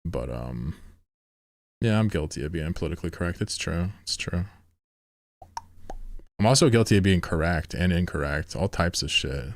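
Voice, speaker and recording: A man's voice: sits low, animated, brisk, no room sound. A man streaming a game, chatting loosely with viewers, swearing and often laughing. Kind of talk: casual live-stream chat while gaming.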